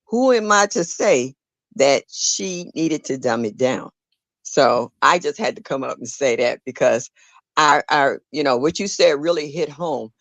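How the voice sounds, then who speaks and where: A woman's voice: deep voice, animated, unhurried, dry recording. Dry-sounding grandmother telling a story. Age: older. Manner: storytelling, earnest, with frequent restarts and laughs. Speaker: caller in a live audio discussion. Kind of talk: casual chat.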